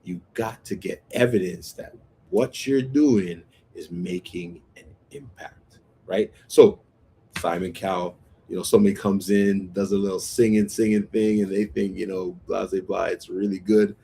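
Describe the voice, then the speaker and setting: Energetic low-voiced man hosting motivational radio. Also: normal speed, slight background noise. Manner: energetic, repeats "right?" and calls on listeners to repeat words. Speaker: radio talk show host. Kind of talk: motivational talk radio monologue.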